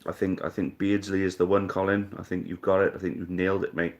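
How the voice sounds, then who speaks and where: Casual male quiz host, deep voice, mutters and swears as he thinks, chummy with players. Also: little pitch movement, fast talker, lo-fi sound. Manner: thinks aloud, swears casually, calls people mate. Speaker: live-stream quiz host. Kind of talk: casual live-stream chat.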